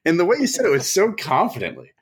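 A man's voice: fairly high pitch, huge pitch swings, fast talker, gravelly, husky. A man co-hosting a podcast in casual chat, making dry, wry remarks. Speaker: podcast co-host.

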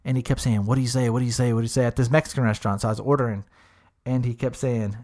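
A man's voice: medium pitch, rapid-fire. Young man telling a story animatedly. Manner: animated storyteller, swears a lot, acts out quoted voices. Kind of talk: casual storytelling chat.

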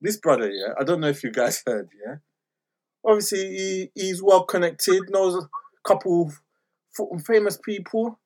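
A man, hosting a football chat with a high, light voice. He talks in a laid-back, slangy way and chuckles between lines. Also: animated, moderate pace, a little mellow. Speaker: podcast host.

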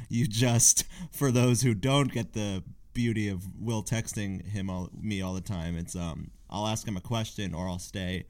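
A man's voice: fairly low pitch, a little slow, darkish tone. A young man in his twenties co-hosting a podcast, teasing his friend and laughing often. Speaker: podcast co-host. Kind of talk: casual chat.

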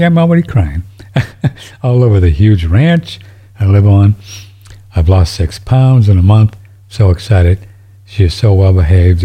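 Low, dark-voiced rambling man. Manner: rambling, folksy, easily moved to tears. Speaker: show host reading listener emails. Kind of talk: casual chat.

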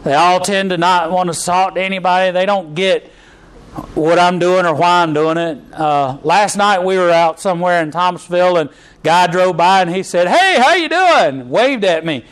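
A man preaches a sermon. He talks to the congregation like he is chatting, restarting his sentences often and filling pauses with "uh.". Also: high voice, fairly even intonation, clear, resonant tone, low-quality recording. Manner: conversational preaching with frequent restarts and fillers. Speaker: pastor.

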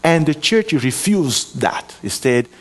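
Man, foreign accent, preaching, earnest exhortation, hesitant restarts, slow delivery. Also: a little high, big pitch swings. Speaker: guest preacher. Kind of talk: sermon.

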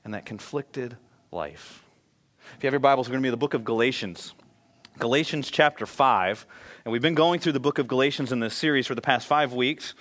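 A man preaching a sermon as pastor, telling funny stories about himself before turning to scripture. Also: on the high side. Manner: animated storytelling, self-deprecating humor.

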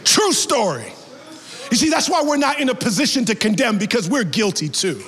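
A young man preaching a sermon as an animated storyteller, dropping his voice low for quoted people and rising to shouts. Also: moderate pace. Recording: long hall reverb.

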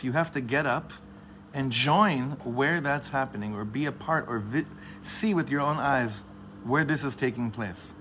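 A man giving an informal Torah class to a live group, talking in a discursive way, often breaking off and restarting his sentences, and slowing down to repeat key phrases. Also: medium pitch, fairly bright tone, slight background noise. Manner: leans on a phrase by repeating it slowly. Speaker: Torah teacher.

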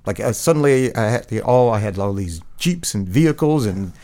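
Gravelly low-voiced man, rambling. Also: expressive, normal speed, darkish tone. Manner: rambling, full of fillers and restarts. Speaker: guest. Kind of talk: casual interview conversation.

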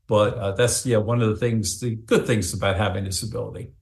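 A man's voice: lowish voice, steady tone, a little fast, gravelly, echoey room. A man who is a psychic medium and a guest on an interview show, telling a long, rambling story with many fillers.

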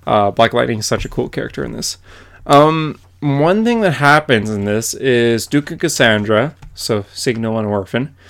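Young male podcast co-host, smooth clear voice, easygoing chatty recaps. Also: mid-range voice, moderate pace. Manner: animated, filler-heavy comic recaps. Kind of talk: casual chat.

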